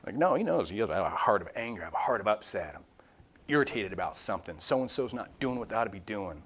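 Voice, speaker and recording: A man's voice: lowish voice, sing-song, quick pace, a bit bright, husky. A man leading an informal Bible study with a group, talking candidly and animatedly and acting out quoted voices. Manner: candid and self-deprecating.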